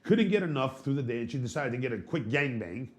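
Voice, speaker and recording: A man's voice: medium pitch, animated, fast. A man, co-hosting a podcast, telling rambling, profane stories and playing out both sides of old conversations. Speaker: podcast co-host. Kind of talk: casual storytelling chat.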